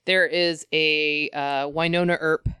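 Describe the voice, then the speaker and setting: A woman's voice: deep voice, steady tone, slow, bright, forceful tone, clear, resonant tone, dry recording, clean studio sound. A woman co-hosting a podcast in casual, rambling chat, laughing often and poking fun at herself. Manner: giggly, rambling, self-mocking. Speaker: podcast co-host. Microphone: compact podcast mic.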